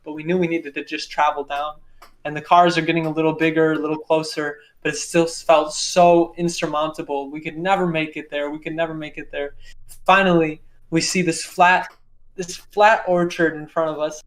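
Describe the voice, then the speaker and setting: A man, a podcast guest, telling a dramatic personal story in a casual interview, repeating phrases for emphasis. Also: fairly high pitch. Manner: intense, repetitive retelling with vivid detail.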